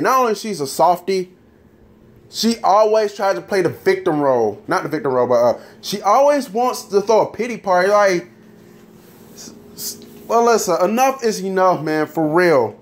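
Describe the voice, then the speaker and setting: A man's voice: sits high, moderate pace. A man ranting loosely about characters in a story game, full of fillers and swearing, then reading a chapter aloud. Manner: animated, profane, frequent fillers.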